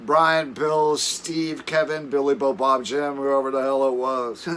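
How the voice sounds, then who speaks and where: A man recounting camping stories for his vlog from a camper, rambling and chuckling as he goes. He talks slowly, in a bright, forward-sounding voice, often backing up to restart a thought. Faint outdoor ambience sits behind him. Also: medium pitch, little pitch movement, a little hiss or hum. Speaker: camping vlogger. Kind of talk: casual storytelling.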